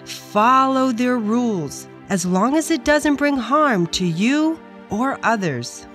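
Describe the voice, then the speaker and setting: A woman voicing a gentle, patient mother in a children's story, explaining in a soothing, instructive way. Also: on the high side, expressive, takes it slowly, faint music behind. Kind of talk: storybook character voice.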